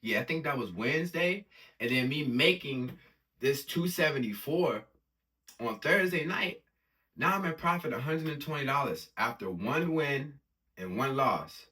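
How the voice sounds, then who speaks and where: A man's voice: mid-range voice, lively intonation, a little slow, bright, forceful tone. A man casually talking through his trades in a hype, slang-heavy way, explaining risk and reward step by step. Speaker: forex trading vlogger. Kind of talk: casual screen-recorded trading vlog.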